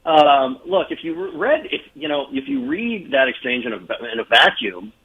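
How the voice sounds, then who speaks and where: A male reporter talking in a relaxed, musing way, his voice rising and falling a lot. It sounds husky and comes through a thin, tinny phone line. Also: medium pitch, normal speed. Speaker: political reporter guest.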